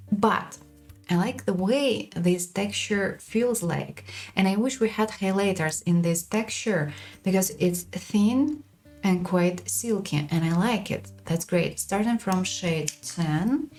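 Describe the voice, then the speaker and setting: Slow-talking woman reviewing makeup. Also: medium pitch, darkish tone. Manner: frank, unhurried product critique. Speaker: beauty vlogger.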